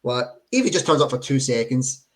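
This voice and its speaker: Brief: man, mid-pitched, loose rambling co-host talk. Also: animated, moderate pace. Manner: rambling, many fillers and restarts. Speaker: podcast co-host. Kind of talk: casual chat.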